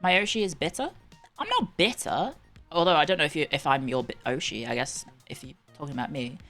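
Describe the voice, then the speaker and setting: A woman's voice: low-pitched, lively intonation, a little fast, fairly bright tone, faint music behind. A woman with a British accent, livestreaming and chatting casually in a sarcastic, bantering, rambling way. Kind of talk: casual chat.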